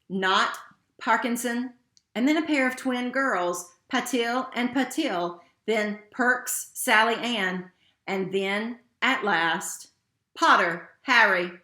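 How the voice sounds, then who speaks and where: A woman reading a novel aloud in a steady, expressive way. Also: medium pitch. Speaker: narrator. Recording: roomy echo.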